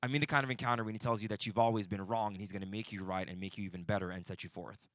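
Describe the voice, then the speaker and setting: A man's voice: fairly low pitch, fairly even intonation, rapid-fire, a bit bright, no room sound, clean studio sound. A man giving a conversational church leadership talk, telling stories with frequent restarts and bursts of intensity. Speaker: pastor teaching a breakout session. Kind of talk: conversational sermon teaching.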